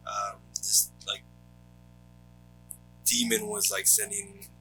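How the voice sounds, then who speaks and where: A man with a low voice and a very bright, forward tone walks through a film plot in a relaxed podcast chat. He fills his pauses with ums and uhs, and soft guitar music plays faintly behind him. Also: rough recording. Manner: steady recap, frequent ums and uhs. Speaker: podcast co-host. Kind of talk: casual movie recap chat.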